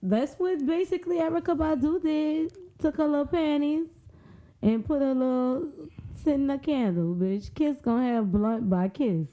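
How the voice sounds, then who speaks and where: A woman's voice: high-pitched, normal speed, warm tone. A woman co-hosting a podcast, cracking profane jokes in casual chat. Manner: profane, joking. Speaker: podcast co-host.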